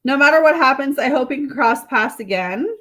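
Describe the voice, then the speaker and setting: A woman's voice: high voice, expressive, fairly quick, a bit bright. A woman doing a live tarot reading, chatting casually with viewers and reading card messages aloud. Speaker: tarot reader.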